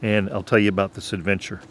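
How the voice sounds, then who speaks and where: Slow-talking earnest Christian man. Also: fairly low pitch, slight background noise. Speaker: channel host. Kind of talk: faith testimony talk.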